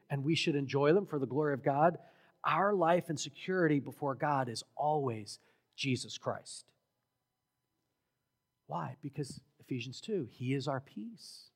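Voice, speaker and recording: A man preaching a sermon as pastor, emphatic and building to loud exhortation. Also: fairly high pitch. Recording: long hall reverb.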